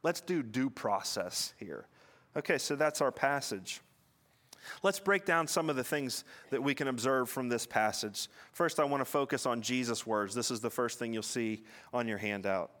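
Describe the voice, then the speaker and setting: A man preaching a sermon in an earnest teaching manner, often repeating words and slowing down to stress a point. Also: medium pitch, a bit bright. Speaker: pastor.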